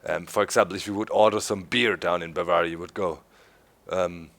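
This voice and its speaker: Chatty German man, low voice. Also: fairly even intonation, brisk, a bit bright. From Swabia, Germany. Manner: chatty, laughs often, explains things. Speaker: let's play host. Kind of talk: casual gameplay commentary.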